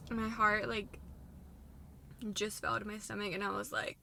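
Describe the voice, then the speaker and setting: A young woman in her twenties telling a personal story in a long, run-on way, full of "like", her voice going soft at hard moments. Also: medium pitch, flat delivery, unhurried, vocal fry, long pauses, slight background noise. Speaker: vlogger sharing a personal story.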